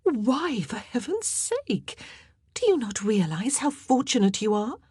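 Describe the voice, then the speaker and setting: A woman voicing a regal young queen who speaks in a brisk, commanding but kind way in an audiobook. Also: fairly high pitch, very animated, darkish tone, husky, dry recording, studio quality, pitched above the performer's own voice, full character voice. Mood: imperious.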